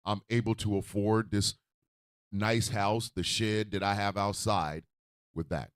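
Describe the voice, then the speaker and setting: A man hosting a radio show, ranting in a profane, fiery way and often shouting. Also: on the low side, steady tone, a little slow, smooth, no echo, studio quality.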